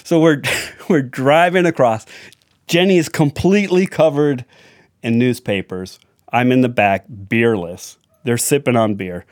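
A man's voice: medium pitch, unhurried, no room sound, studio quality. A man telling a family anecdote in a chatty, wry way with side remarks. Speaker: storyteller. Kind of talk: anecdotal storytelling.

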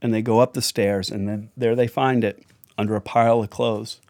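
A man's voice: on the low side, fairly even intonation, moderate pace, a little mellow, no room sound, studio quality. A man telling a family anecdote in a chatty, wry way with side remarks. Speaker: storyteller. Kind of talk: anecdotal storytelling.

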